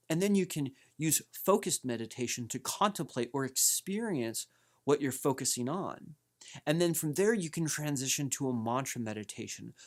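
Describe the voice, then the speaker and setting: A man calmly explaining meditation techniques as a course instructor, in a measured teaching voice. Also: mid-range voice.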